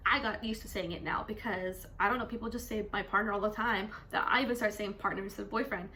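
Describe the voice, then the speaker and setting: A young woman from Canada chatting casually in a vlog, animated and full of "like" fillers. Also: medium pitch, fast, slight background noise. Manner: chatty, animated, says "like" constantly. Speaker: vlogger; teacher.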